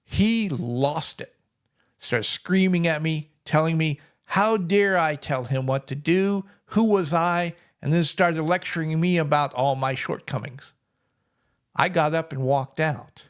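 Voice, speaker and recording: A man's voice: fairly high pitch, unhurried, smooth. A middle-aged man telling a personal story in a plainspoken, wry way. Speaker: vlogger.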